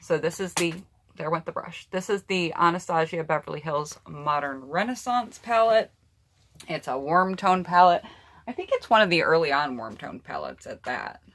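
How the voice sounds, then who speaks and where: Casting note: woman vlogger, low-ish pitch, bright tone, chatty and personal, faint hiss behind. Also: animated, moderate pace. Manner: chatty, personal opinions, addresses viewers directly. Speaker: beauty vlogger. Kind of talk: casual makeup palette review.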